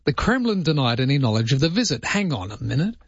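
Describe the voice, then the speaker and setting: A man's voice: medium pitch, big pitch swings, fast, husky, no room sound. Jokey male overnight radio host. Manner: jokey, mock-incredulous, puts on comic accents. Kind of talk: casual talk radio banter. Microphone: studio microphone, dry. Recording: muffled broadcast audio.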